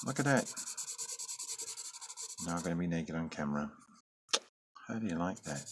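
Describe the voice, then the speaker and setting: A man with a low voice chats casually while drawing on camera, rambling and musing to himself with joking, self-deprecating asides. There's slight background noise.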